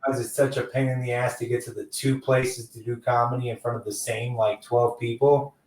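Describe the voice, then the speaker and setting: A man's voice: mid-range voice, little pitch movement, fairly quick, darkish tone, far from the mic. A man hosting a casual podcast interview, loose and rambling, tossing in "dude" a lot. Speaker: podcast host. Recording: echoey room, off-mic.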